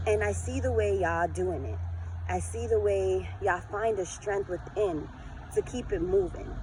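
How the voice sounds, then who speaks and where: A woman in her forties giving an earnest, lively motivational talk to her followers in a vlog. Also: on the low side, background noise. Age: 40s. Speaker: vlogger.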